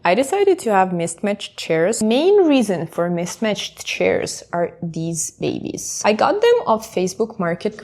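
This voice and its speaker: A woman's voice: lowish voice, a little mellow. Chatty young woman touring her apartment. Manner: chatty, enthusiastic about decor. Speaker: vlogger giving an apartment tour. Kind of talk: casual vlog narration. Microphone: small handheld camera.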